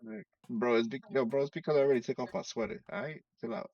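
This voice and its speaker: A man telling a story in casual chat, animated and acting out the quoted lines. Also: mid-range voice, fast talker, vocal fry, dry recording, distant mic, dull audio. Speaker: storyteller among friends.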